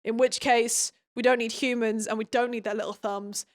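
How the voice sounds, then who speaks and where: A woman's voice: a little high, fairly even intonation, normal speed, natural voice. A woman voicing grumpy dragons who dislike humans, in a flippant, dismissive tone.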